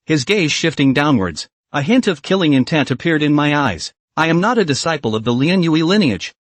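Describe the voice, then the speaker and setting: A man narrates a first-person fantasy story recap with dramatic expression. His voice sits fairly high and moves widely in pitch. The recording is dry and close, with no room sound. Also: no room sound.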